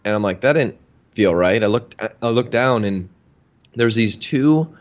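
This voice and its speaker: A man's voice: on the low side, animated, normal speed, muffled recording. A man casually telling a long personal story in an interview, chatty and full of fillers. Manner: chatty, anecdotal, many fillers. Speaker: health practitioner.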